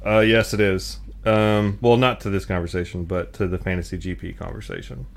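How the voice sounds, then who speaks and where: A man's voice: on the low side, flat delivery, a little fast, vocal fry. Laid-back swearing man podcasting. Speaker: podcast co-host. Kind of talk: casual chat.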